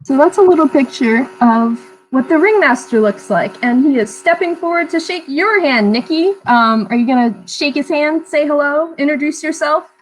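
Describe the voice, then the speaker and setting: A woman running a tabletop game as game master, narrating in a relaxed, chatty way. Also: high voice, normal speed, few pauses, poor audio.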